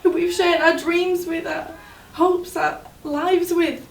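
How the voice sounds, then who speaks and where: An actress playing a grieving young fiancée, high voice. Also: female voice, fairly even intonation, gravelly, full character voice. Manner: tearful, halting, emotional. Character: young woman, grieving fiancée of an injured footballer. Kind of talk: stage monologue. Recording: roomy, distant mic, faint noise.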